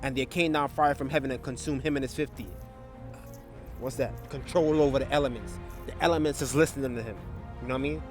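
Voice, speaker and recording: A man's voice: mid-range voice, steady tone, fast, faint music behind. A man giving a casual Bible study, talking loosely with filler tags and restarts and reading scripture passages aloud. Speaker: Bible teacher.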